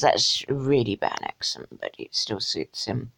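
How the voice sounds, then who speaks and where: A woman's voice: very deep voice, animated, unhurried, vocal fry, few pauses, a bit bright. A woman giving an emotional rant commentary in a sarcastic, exasperated way, with muttered asides. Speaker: video blogger.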